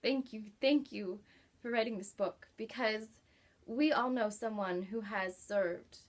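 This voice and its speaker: A woman chatting casually in a book review vlog, warm and enthusiastic, with many likes and ums. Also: mid-range voice, a little slow.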